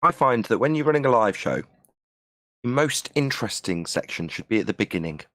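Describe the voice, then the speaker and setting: A man with a mid-pitched, very animated voice trades dry, sarcastic jokes on a live stream. His voice is close and dry, with no room echo. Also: brisk. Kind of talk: casual live-stream chat.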